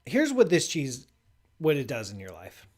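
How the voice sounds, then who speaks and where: A man's voice: mid-range voice, wildly swooping pitch, normal speed. A man hosting a live science show, talking loosely and chatting with playful enthusiasm, with lots of "like" and restarts. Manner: playfully enthusiastic food tasting. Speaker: astrophysicist host of a live call-in space show. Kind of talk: casual live-stream chat.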